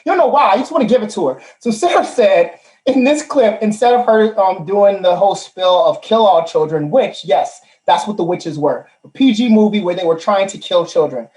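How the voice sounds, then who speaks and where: Excitable profane male host, roomy sound. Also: high voice, normal speed. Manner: loud, profane, excitable hype. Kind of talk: casual live-stream chat. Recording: roomy echo.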